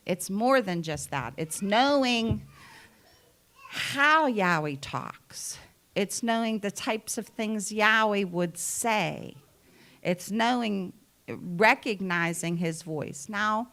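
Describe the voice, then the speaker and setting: A woman's voice: mid-range voice, bright, forceful tone. A woman giving a sermon in an earnest, conversational way, stressing key phrases by repeating them. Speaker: preacher.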